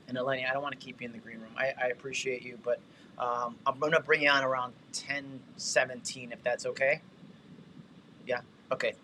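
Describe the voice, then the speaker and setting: A man hosting a casual livestream, walking viewers through real estate tech tools with energetic, chatty asides. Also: on the high side, a little hiss or hum. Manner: energetic, talkative, shout-outs and asides.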